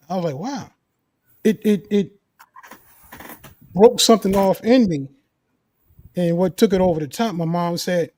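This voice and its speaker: Earnest high-voiced man telling a story. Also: moderate pace, long pauses, a little mellow, no room sound. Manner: earnest, emphatic, repeats key phrases. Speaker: co-host sharing a personal story. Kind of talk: casual conversation, storytelling.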